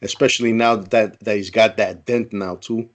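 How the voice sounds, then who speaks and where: A man co-hosting a podcast, talking in a relaxed, heavily swearing casual chat. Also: fairly low pitch, normal speed. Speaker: podcast co-host.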